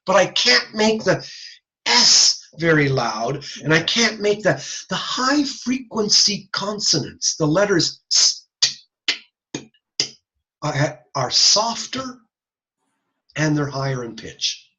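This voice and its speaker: In a recorded lecture on hearing and speech sounds, a man speaks casually and with animation, often voicing the sounds himself. His voice is on the high side and slow. The recording is rough.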